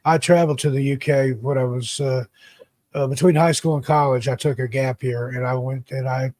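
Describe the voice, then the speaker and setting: American man, rambling storyteller, stammers on restarts, middle pitch, dry close mic. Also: fairly even intonation, fairly quick, a little mellow, no echo. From United States. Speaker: guest author and YouTuber. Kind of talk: casual chat.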